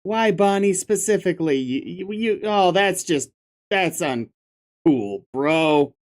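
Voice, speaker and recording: Slow, animated man reading a game. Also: high voice. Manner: emotional reading with casual asides. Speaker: let's play host. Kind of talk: reading game text aloud and commenting.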